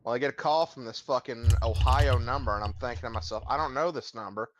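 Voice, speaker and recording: A man's voice: mid-range voice, fast talker, slight background noise. A man streaming a game, telling stories in casual, profane chat with friends. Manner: profane, animated storyteller.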